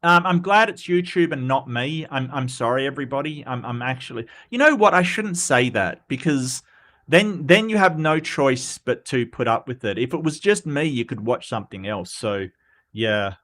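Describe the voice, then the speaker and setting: A man's voice: mid-range voice, lively intonation, normal speed, fairly bright tone. A man hosting a casual live-stream commentary, sarcastic and exasperated, rambling with frequent restarts. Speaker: host.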